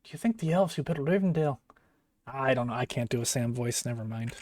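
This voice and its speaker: A man's voice: mid-range voice, animated, brisk, a little mellow. A man streaming live as he builds a toy set, chatting casually in self-mocking, rambling asides.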